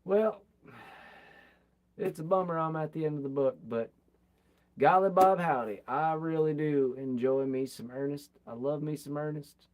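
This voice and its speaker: A man reads a biography aloud and chats about it between passages. His voice sits a little high, and he livens up when acting out the quoted lines. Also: fairly even intonation, moderate pace, darkish tone. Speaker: reader of a biography. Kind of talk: reading aloud from a book with comments.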